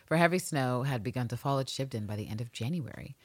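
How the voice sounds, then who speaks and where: A very low-pitched woman co-hosting a chatty podcast, her voice swinging widely as she reads old letters and then jokes about them. The sound is dry and close, with no room around it. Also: fast, breathy edge, dry recording. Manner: animated, reads passages aloud then riffs with laughter. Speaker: podcast co-host. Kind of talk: casual chat, reading from a book.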